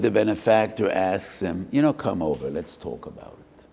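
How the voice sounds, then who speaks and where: A man's voice: low-pitched, expressive, moderate pace, gravelly, warm tone, breathy edge. An older man, a rabbi, giving a sermon, telling a parable with Hebrew phrases and acting out both sides of a dialogue. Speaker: rabbi giving a Torah lecture. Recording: roomy hall with long reverb.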